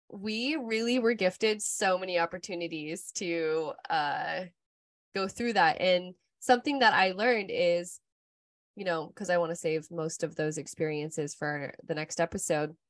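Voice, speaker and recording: A woman's voice: fairly low pitch, takes it slowly, a bit bright, dry recording, studio quality. A woman in her thirties co-hosting a podcast, telling stories in a candid, rambling casual chat full of "like". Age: 30s. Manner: candid, rambling storytelling with frequent "like". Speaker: podcast co-host.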